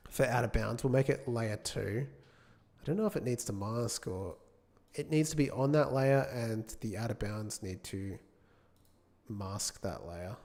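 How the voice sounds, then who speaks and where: A British man with a warm, mid-range voice narrates his live coding as a game developer. He thinks aloud, corrects himself, and chats casually with viewers between tasks.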